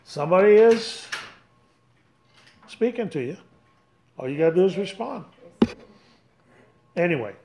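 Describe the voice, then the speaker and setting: High-voiced man host, echoey room. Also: expressive, unhurried, pauses often. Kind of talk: casual chat. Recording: echoey room, faint noise.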